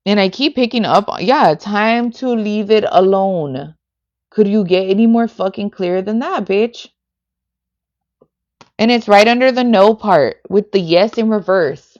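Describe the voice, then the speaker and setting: A woman's voice: medium pitch, measured pace, a little mellow, lo-fi sound. Blunt cussing woman tarot reader. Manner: profane and blunt, heavy "like" and "bitch" fillers. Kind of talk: blunt livestream tarot reading.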